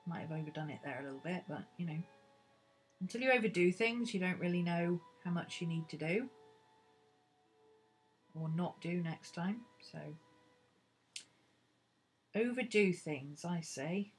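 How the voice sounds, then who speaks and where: A woman's voice: fairly low pitch, steady tone, moderate pace, a little mellow. A woman, chatting and thinking aloud as she teaches a drawing lesson. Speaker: art teacher. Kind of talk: casual drawing tutorial. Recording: music playing under the voice.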